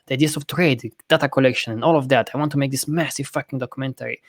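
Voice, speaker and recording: Rambling, profane podcast host. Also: male voice, medium pitch, fairly even intonation, fast, no echo. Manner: rambling, profane, self-correcting; laughs often. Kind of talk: casual podcast chat.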